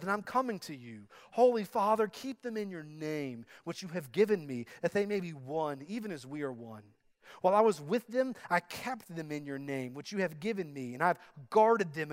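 A man pastor preaching a sermon, emphatic and slowing down to stress quoted verses. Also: high voice.

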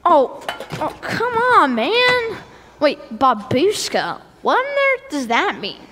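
A woman playing an eager, creative young boy in a church skit, talking in a chatty, excitable way. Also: sits high, slow, in a large hall, noisy background, heavily acted.

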